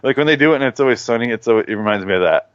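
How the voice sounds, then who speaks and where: A man's voice: mid-range voice, animated, very fast, fairly bright tone, no echo. A man in casual podcast chat, rambling and laughing often as he talks movies. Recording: dull, dry podcast audio.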